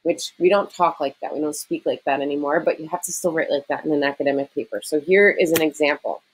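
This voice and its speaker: A woman's voice: low voice, fast talker, a little hiss or hum, poor audio. A woman teacher giving a recorded writing lesson to her students, explaining step by step in a conversational way with frequent "okay" and "um".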